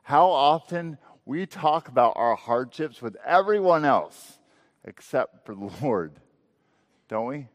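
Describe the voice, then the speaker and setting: A male pastor preaching a sermon, asking rhetorical questions and letting his voice swell and then drop low. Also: lively intonation, slow pace, big-room sound.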